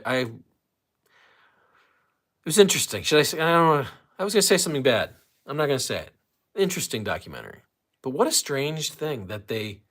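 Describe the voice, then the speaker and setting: Nefesi kesilmiş, geveze yaşlıca adam. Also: male voice, medium pitch, fairly bright tone. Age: older. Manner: rambling, jokey, talks to chat. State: out of breath. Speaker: livestream host. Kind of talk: casual livestream chat.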